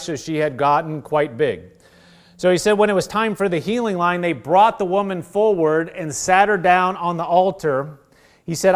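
A man with a somewhat high voice preaches to a congregation. He reads passages aloud from a book and keeps breaking off to explain them in his own words. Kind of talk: sermon reading aloud from a book.

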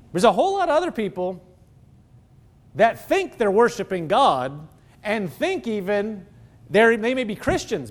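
A man preaching a sermon as pastor, emphatic, throwing rhetorical questions at the congregation. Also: high-pitched.

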